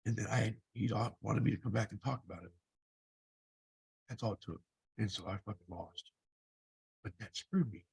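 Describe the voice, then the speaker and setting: A man's voice: lowish voice, normal speed, vocal fry, long pauses, a little mellow, breathy edge. A man in his fifties, a life coach, telling his own story in a blunt, profane, rambling way. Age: 50s. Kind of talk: casual personal storytelling.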